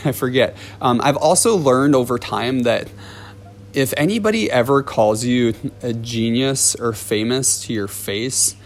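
A man who hosts a podcast and teaches ballet, telling a story in a loose, rambling way with many fillers and restarts and frequent chuckles. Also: mid-range voice. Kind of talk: casual storytelling.

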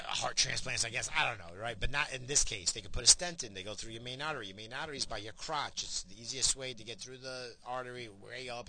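A man's voice: mid-range voice, slight background noise, low-quality recording. An older man telling a story in a casual, profane, rambling way, acting out the people in it as he goes. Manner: profane, rambling, animated retelling with quoted voices.

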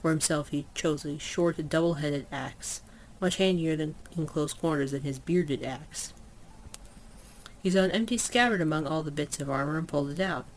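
A storyteller reads a fantasy tale aloud in an unhurried, mid-pitched voice, now and then stumbling and correcting a word. A faint hiss hangs behind the voice, as in a simple homemade recording. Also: low-quality recording. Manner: unhurried, with small slips and self-corrections.

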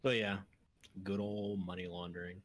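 A young man co-hosts a casual podcast, rambling, trailing off mid-thought, and laughing often. He has a deep voice, level in tone, at a moderate pace.

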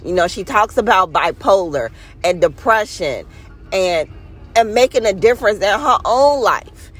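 A woman talks straight to her podcast listeners in an unhurried, heartfelt monologue. She leans into key words and draws them out, sounding earnest and a little preachy as she encourages them. Her pace stays slow and deliberate throughout. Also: medium pitch, lively intonation, a bit bright, slightly rough. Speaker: podcast host. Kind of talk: casual inspirational monologue.

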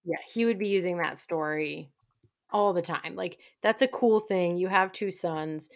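A woman co-host chats loosely about a sitcom episode in a slightly low voice. She giggles through her sentences and keeps the tone relaxed and conversational. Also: unhurried. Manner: giggly, laughs often while talking. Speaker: podcast co-host. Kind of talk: casual chat recapping a TV show.

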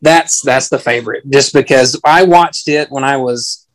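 A man's voice: medium pitch, normal speed, low-quality recording. A man with a Southern US accent, chatting as a guest in a casual podcast interview and making dry joking asides. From Southern United States.

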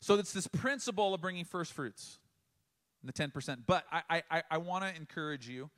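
Middle-aged guy preaching, fairly high voice, chatty and emphatic, lots of restarts. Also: fairly bright tone. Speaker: pastor. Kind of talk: sermon.

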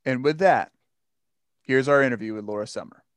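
A man hosting a podcast interview, asking friendly, deliberate questions. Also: mid-range voice. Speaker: podcast host. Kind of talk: casual interview.

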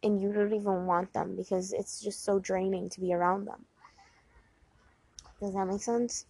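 A woman's voice: medium pitch, steady tone, normal speed, a little mellow, breathy edge. A young woman giving relationship advice in a casual, earnest way to her viewers, with lots of filler words. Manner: chatty, earnest, many "like" fillers. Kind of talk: casual talk to camera.

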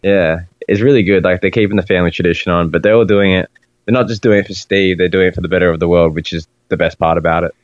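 A man's voice: sits low, fairly even intonation, fast talker, no room sound, lo-fi sound. A man with an Australian accent, chatting easily as a podcast guest, with frequent ums. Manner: easygoing, hesitant with many ums. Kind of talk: casual interview chat.

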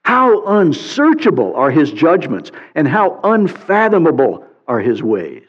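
A man preaching a sermon as a pastor, reading scripture aloud in an animated way with playful sarcasm. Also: a little high, unhurried, slightly rough. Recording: muffled sound with long hall reverb.

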